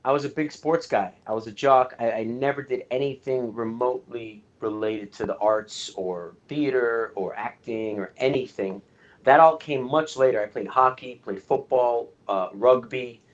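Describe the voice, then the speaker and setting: A man's voice: medium pitch, moderate pace, dull audio. A man from Canada, a guest film director, chatting casually in an interview and telling his story candidly, with plenty of swearing and fillers.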